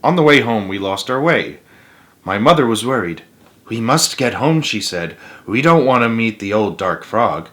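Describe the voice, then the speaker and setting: A man's voice: mid-range voice, animated, normal speed, a bit bright, natural voice. A man voicing a patient, encouraging male frog who coaxes his friend and tells spooky stories. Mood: storytelling.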